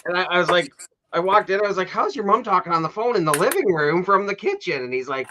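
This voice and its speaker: A man's voice: high voice, big pitch swings, fast talker, noisy background. A middle-aged man chatting casually on a livestream, telling stories and laughing often. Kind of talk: casual chat.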